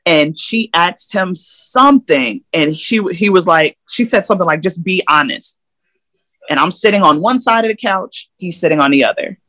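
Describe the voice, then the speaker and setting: A woman's voice: lowish voice, lively intonation, normal speed, fairly bright tone, no echo. A woman guest in a casual interview, telling her own story in a candid, emphatic way. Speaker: podcast guest.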